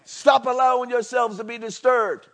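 High-voiced, animated male preacher. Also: moderate pace. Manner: animated, swinging from soft to near-shouting; chatty asides and repeated phrases. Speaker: pastor. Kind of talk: sermon. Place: church.

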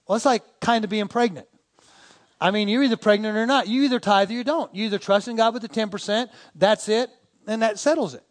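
A man's voice: sits high, fast. A man preaching a sermon to a congregation, telling stories and asking the listeners to turn to their neighbors. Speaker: pastor.

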